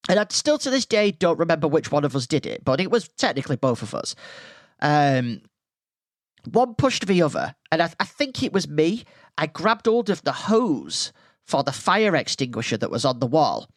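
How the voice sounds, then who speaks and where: A man's voice: fairly high pitch, sing-song, normal speed, no echo, studio quality. A man hosting a podcast, telling a school story in a casual, rambling way full of tangents. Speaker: podcast host.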